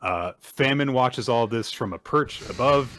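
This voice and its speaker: A man's voice: mid-range voice, measured pace, fairly bright tone, no room sound. A man hosting a casual podcast, recapping manga chapters at length and acting out the characters' lines. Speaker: podcast host.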